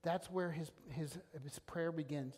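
Earnest high-voiced preacher, long church reverb. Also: male voice, unhurried, darkish tone. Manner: earnest, emphatic preaching with frequent restarts. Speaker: pastor. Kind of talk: sermon.

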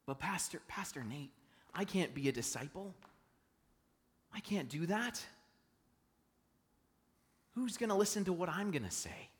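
A man's voice: sits high, animated, a little slow, pauses often, big-room sound, voice pushed up. A man voicing an ordinary churchgoer who protests hesitantly that he is a nobody. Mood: doubting. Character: doubtful ordinary churchgoer, self-deprecating.

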